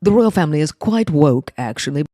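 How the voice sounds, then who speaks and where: Guy doing a snooty posh royal, loud clipped voice, dark and dry. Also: on the high side, lively intonation, fairly quick, dry recording. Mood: haughty.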